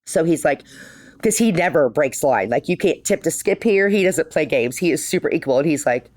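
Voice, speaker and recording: A woman's voice: low-pitched, fairly quick. A middle-aged woman who co-owns a bar, chatting as a podcast guest and telling stories full of quoted dialogue. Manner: animated, acts out quotes, says "like" a lot. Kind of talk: casual storytelling. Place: podcast studio.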